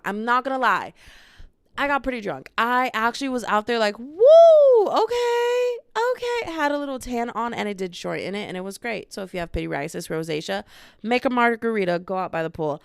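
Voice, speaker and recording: A woman's voice: lowish voice, vocal fry, smooth, dry recording, clean studio sound. A woman in her twenties hosting her own podcast at home, talking casually and rambling from topic to topic into a small camera. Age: 20s. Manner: rambling, chatty, jumps between topics. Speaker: podcast host. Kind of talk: casual solo podcast chat. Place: at home, indoors. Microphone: small handheld camera.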